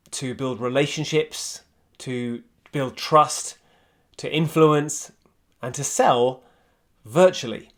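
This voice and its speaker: Man, communication coach, instructional video, measured emphatic delivery, home office, slightly high pitch. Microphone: switching between laptop, webcam and USB condenser mics.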